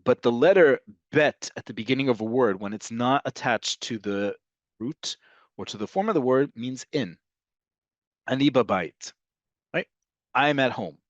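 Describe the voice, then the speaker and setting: A man teaching an online language lesson, explaining slowly and repeating each example. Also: mid-range voice, expressive, no echo, highs cut off. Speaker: Hebrew teacher.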